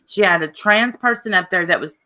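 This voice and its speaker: A woman's voice: mid-range voice, fairly quick, bright, forceful tone. A woman on a live stream chat, talking insistently and defending herself.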